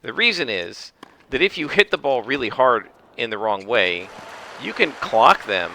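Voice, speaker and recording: A man giving casual commentary over his own tennis game, explaining the rules at length and rambling with restarts and throat clearing. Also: mid-range voice, very animated, unhurried, bright, forceful tone, slight background noise. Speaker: gameplay commentator. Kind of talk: casual let's-play commentary.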